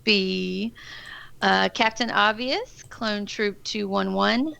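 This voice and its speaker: A woman's voice: mid-range voice, vocal fry, pushed and bright, clear, resonant tone, dry recording. A woman co-hosting a casual game live stream, giggly as she reads out names. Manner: giggly, reading names out slowly.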